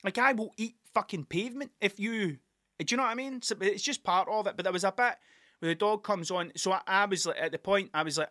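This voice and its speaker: A man's voice: high-pitched, fast talker, bright, forceful tone, no room sound, studio quality. A man with a Scottish accent, rambling and swearing through a casual solo podcast monologue. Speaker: podcast host.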